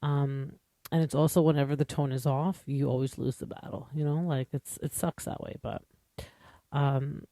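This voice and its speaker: At a moderate pace, a man with a medium-pitched, gravelly, dark voice and fairly even intonation hosts a podcast with no echo. Speaking English as his first language, he delivers a casual, opinionated recap with plenty of asides and fillers.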